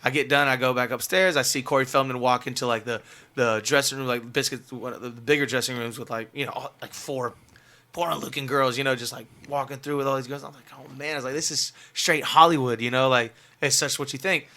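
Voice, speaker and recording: A man's voice: mid-range voice, steady tone, fast talker, pushed and bright. A man, a musician guest on a radio show, telling a story casually and animatedly, full of fillers and laughter.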